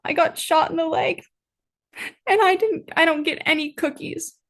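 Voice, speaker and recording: A woman's voice: very high-pitched, moderate pace, a bit bright, pitched above the performer's own voice. A woman voicing a sobbing wounded man who complains he got no cookies, in a fan-fiction reading. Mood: whining.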